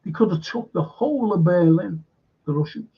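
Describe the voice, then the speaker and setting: A man in a rambling, opinionated monologue, halting and repeating words, with a sarcastic edge. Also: sits high, vocal fry, breathy edge, highs cut off.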